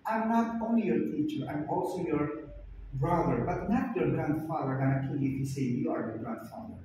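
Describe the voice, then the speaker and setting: A male English teacher giving a classroom lesson, speaking loudly and emphatically, repeating points and pressing students to answer. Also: on the high side, expressive, a little fast, a little hiss or hum. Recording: far-off echoey classroom recording.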